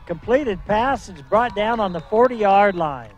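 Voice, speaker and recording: High-voiced man calling a football game. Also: lively intonation, unhurried, lo-fi sound. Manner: jokey, dry banter between plays. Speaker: play-by-play announcer. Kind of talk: local sports commentary. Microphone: wind-blown broadcast mic. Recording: wind noise in outdoor mics.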